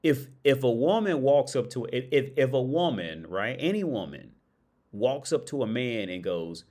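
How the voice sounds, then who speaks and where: A young man talking on his own livestream in a loose, rambling monologue. He stumbles and restarts often, repeating words, and swears freely. His pitch sits in the middle range. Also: lively intonation, normal speed, a little mellow. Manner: rambling, repetitive restarts, profane. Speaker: livestream host.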